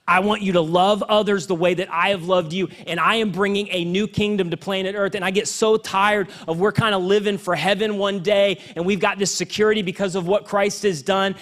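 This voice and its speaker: A man preaching a sermon as pastor, conversational and animated, swinging between loud emphatic runs and hushed, intense stretches. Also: high-pitched, a little fast, hardly any pauses.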